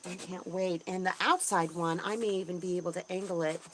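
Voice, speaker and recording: Chatty woman with a lowish voice. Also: fairly even intonation, a little fast, a little hiss or hum. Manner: rambling and chatty, many ums and restarts; bubbly, voice jumps up when greeting viewers. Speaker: homesteading channel host. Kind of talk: casual livestream chat, reading viewer comments.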